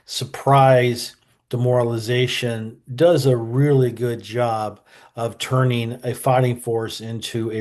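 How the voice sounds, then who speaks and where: A man's voice: medium pitch, a little mellow. A man hosting a history channel who talks through the day's events in a loose, rambling style, joking and trailing off with lots of fillers. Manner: rambling, jokey, many fillers and restarts. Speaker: history show host. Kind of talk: casual history commentary.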